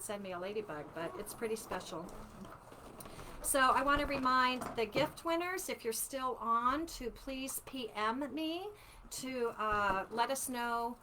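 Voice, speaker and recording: A woman in her sixties, an author chatting casually with viewers on a home livestream, animated and chatty. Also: a little high, noisy background. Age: 60s. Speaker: author hosting a live book launch.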